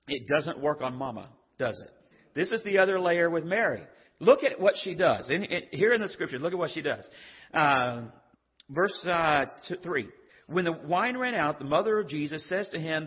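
With a high, breathy voice, an older man delivers a sermon as a pastor, keeping it chatty and humorous and voicing the characters in his stories. The recording sounds dull and lo-fi, with a long reverb from the hall.

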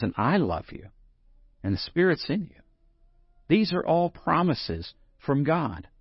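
A man's voice: mid-range voice, slightly rough, no echo, highs cut off. A man preaching a sermon in a conversational way, rising to emphatic scripture reading. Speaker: pastor.

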